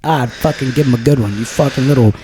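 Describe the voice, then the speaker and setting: A man's voice: mid-range voice, quick pace, background noise. A man co-hosting a podcast in casual chat, talking in a profane, rambling, jokey way. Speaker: podcast co-host.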